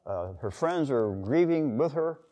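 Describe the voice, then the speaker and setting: Preacher in a long-reverb hall. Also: male voice, mid-range voice, animated, unhurried, dark tone. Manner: conversational, with acted-out quotes and asides. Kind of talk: sermon.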